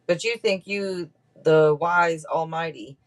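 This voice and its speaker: A woman giving a casual tarot reading on a live stream, chatty and quick to laugh as she talks straight to her viewers. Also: sits low. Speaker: tarot reader.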